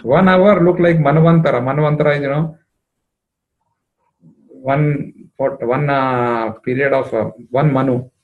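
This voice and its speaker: A man telling a devotional story, emotive and rising in pitch at moving moments, with frequent fillers. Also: fairly even intonation, a little slow, narrow, tinny audio. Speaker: spiritual storyteller.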